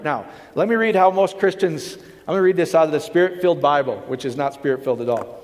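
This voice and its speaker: A man's voice: on the high side, fast talker. A man preaching a sermon in a conversational way, often checking in with his listeners. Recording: long hall reverb.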